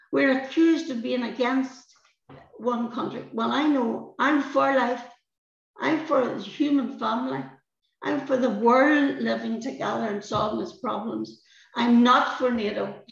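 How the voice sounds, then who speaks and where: A woman's voice: high-pitched, gravelly. An older woman with a Northern Irish accent, speaking as a guest in an impassioned, emphatic way and often repeating words. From Northern Ireland. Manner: emphatic, passionate, repeats words when stirred. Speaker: guest, peace activist. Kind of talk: impassioned conversation. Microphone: video call. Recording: roomy, dull lo-fi webinar audio.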